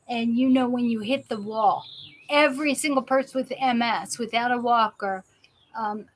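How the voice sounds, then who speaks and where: A woman's voice: fairly high pitch, poor audio. A woman hosting a live show, chatting casually and rambling with many restarts and fillers. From South Jersey. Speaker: host of a live patient show. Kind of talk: casual live-stream chat.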